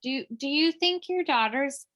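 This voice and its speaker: A woman's voice: high voice, expressive, unhurried, fairly bright tone. A woman interviewing someone, asking casual questions with many hesitations and fillers.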